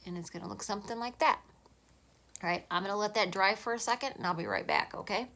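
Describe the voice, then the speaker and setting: A woman talking through a makeup tutorial in a soft, chatty voice, often dropping to a half-whisper. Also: mid-range voice, fast talker. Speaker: makeup vlogger.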